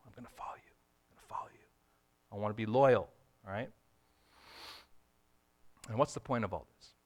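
A pastor with a mid-range voice preaches a sermon, swinging between loud emphatic bursts and hushed, tender lines. He acts out quoted dialogue in a folksy, conversational way.

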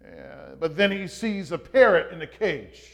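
A man preaching a sermon, opening with a joke, in a slow and halting delivery with frequent pauses and fillers. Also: on the high side, lively intonation, gravelly. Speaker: pastor.

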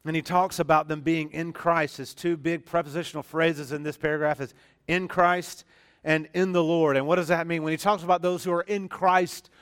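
A man preaching from the pulpit with a smooth, resonant voice that sits a little higher than most men's. He talks to the congregation in a conversational way and stops to restart and repeat phrases. He leans hard on the key words to drive them home. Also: fairly even intonation, moderate pace, fairly bright tone. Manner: earnest and emphatic, stressing key words. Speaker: pastor. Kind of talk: sermon.

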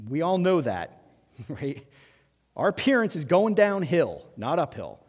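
A male pastor preaching a sermon, emphatic, repeating key phrases and dropping to a hush for emphasis. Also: fairly high pitch, huge pitch swings, unhurried, big-room sound. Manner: emphatic, repeats key phrases, drops to near-whisper at climaxes.

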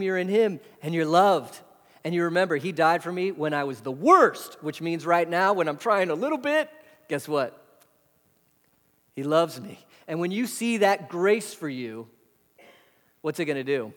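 A pastor preaching a sermon in a conversational way, full of rhetorical questions. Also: male voice, fairly high pitch, a bit bright. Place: church hall. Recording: hall reverb.

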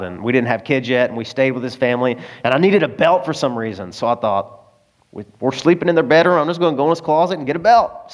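A man preaching a sermon in a conversational way, with personal stories and frequent asides to the congregation. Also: mid-range voice. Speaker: pastor.

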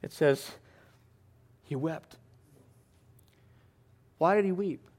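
A male pastor preaching a sermon in an earnest way, moving between quiet, thoughtful passages and emphatic ones. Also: a little high, drawn-out words.

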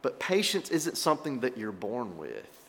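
A middle-aged male pastor preaching a sermon, animated, swinging between loud emphasis and quiet asides. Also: mid-range voice, moderate pace, long reverb tail.

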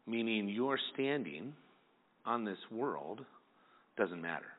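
A male pastor preaching a sermon, lively and acting out the people in the story. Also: on the low side, slow pace. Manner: animated, acts out the people in the story. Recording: tinny phone-like sound.

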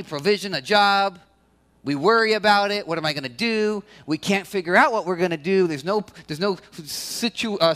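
A male pastor preaching a sermon, animated, acting out quoted complaints in a raised voice. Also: high-pitched.

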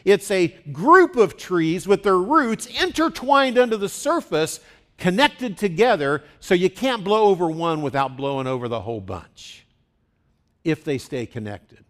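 A man's voice: high voice, animated, a little slow, fairly bright tone. A middle-aged male pastor preaching a conversational sermon, teaching plainly and leading the congregation to repeat words after him. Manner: conversational, teaching, leads the congregation in call and response.

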